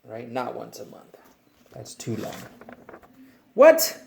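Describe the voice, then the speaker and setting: A man reading a picture book aloud to children and explaining it in a gentle, patient way. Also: mid-range voice, monotone, unhurried, gravelly, slight background noise. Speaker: storyteller for children.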